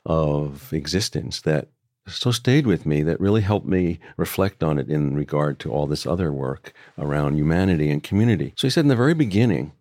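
An older man, a book author talking as a guest, speaking in a thoughtful, measured way with frequent restarts. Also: a bass voice, lively intonation, a little mellow, no echo, clean studio sound. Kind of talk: reflective conversation.

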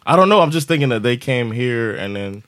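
Lively, teasing American podcast host. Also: male voice, mid-range voice, brisk, dry recording, studio quality. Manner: teasing, joking, tells stories with acted quotes. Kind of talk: casual chat.

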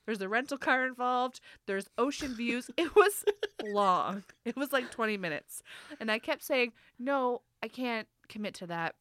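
A young woman recounts a mishap in a relaxed, chatty way, her voice sitting a little high. She laughs as she talks and slips into quoting the people in the story. The sound is close and dry. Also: measured pace, no room sound. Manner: animated storyteller, laughs often, quotes people in her own voice. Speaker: guest telling a story. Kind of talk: casual anecdote.

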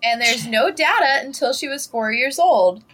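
A woman hosting a casual book podcast, animated and laughing often as she recaps chapters. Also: high voice, normal speed, a little hiss or hum. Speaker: podcast host.

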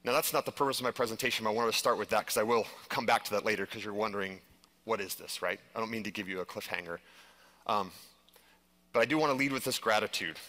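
A man giving a live stage presentation, telling a personal story in an animated way and saying "like" a lot. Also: fairly low pitch. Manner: animated storytelling, heavy use of "like". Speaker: conference speaker.

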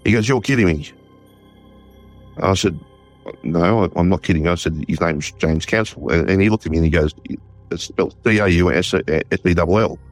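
An Australian man, a war historian, telling a story in an interview with lively retold dialogue and frequent restarts. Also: low voice, moderate pace, soft background music. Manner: animated, retells conversations in quoted dialogue, frequent restarts.

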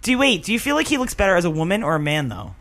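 A woman's voice: on the low side, very animated, rapid-fire, fairly bright tone. A woman co-hosting a podcast, teasing and playful, swearing casually.

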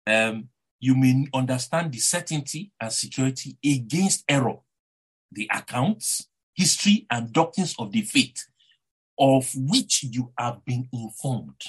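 Nigerian male preacher, husky mid-pitched voice, animated and rhetorical sermon delivery. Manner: animated, rhetorical, repeats words, asks the congregation "eh?".

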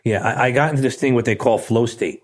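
A man's voice: mid-range voice, fast talker. A middle-aged man, a guest in a casual interview, telling a story with blunt, streetwise talk and acting out the dialogue. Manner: animated storyteller who acts out quoted dialogue.

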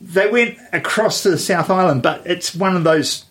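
Rambling New man, slightly high voice. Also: normal speed, a bit bright. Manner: rambling, with many fillers and restarts. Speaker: podcast co-host. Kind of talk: casual chat.

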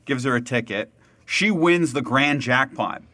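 A young man on a podcast telling a story in casual chat, animated and laughing often, with many fillers. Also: mid-range voice, unhurried, no room sound.

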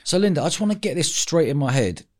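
A man's voice: fairly high pitch, expressive, quick pace, a little mellow. A man hosting an interview, prompting his guest with short, encouraging remarks. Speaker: podcast host.

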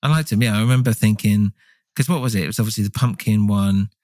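A low-voiced man chats loosely on a podcast, tossing in wry reactions and offhand opinions. His voice sits close and dry on the mic. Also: fast, a little mellow, no room sound. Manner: laid-back, joking reactions. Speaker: podcast co-host. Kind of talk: casual film discussion.

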